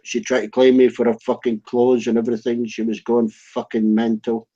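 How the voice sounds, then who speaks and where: A man's voice: mid-range voice, little pitch movement, fairly quick, hardly any pauses, mellow, lo-fi sound. Blunt man on a call. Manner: blunt, swears freely, dry. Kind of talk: crude casual anecdotes. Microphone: video call.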